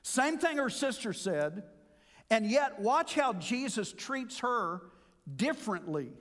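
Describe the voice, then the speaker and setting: A man's voice: extremely high pitch, big pitch swings, slow, a bit bright. A man preaching a sermon as pastor, earnest and expository, drawing out words for emphasis. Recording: long hall reverb.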